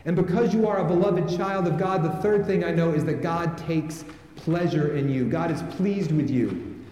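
A man preaches a sermon and calls on his congregation to respond. His voice sits a bit high and sounds dark and mellow. It rings through a large church hall with long, echoing reverb. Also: moderate pace. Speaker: pastor.

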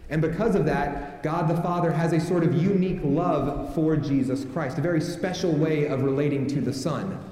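A man's voice: fairly high pitch, mellow. A man preaching a sermon as a pastor and calling on the congregation to take part, recorded in a large church sanctuary. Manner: calls on the congregation to respond. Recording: echoey hall with long reverb.

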